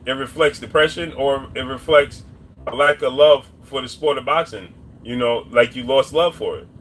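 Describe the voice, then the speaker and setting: A man doing boxing commentary on a live stream, talking casually and repeating his points while shouting out viewers' names. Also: mid-range voice, moderate pace, breathy edge. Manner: repetitive, shouts out chat names.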